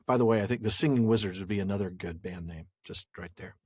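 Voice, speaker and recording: A man co-hosting a podcast, chatting in a relaxed, agreeable way and joking along. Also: on the low side, fast talker, few pauses, breathy edge, no echo, studio quality. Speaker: podcast co-host. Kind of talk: casual discussion of literature.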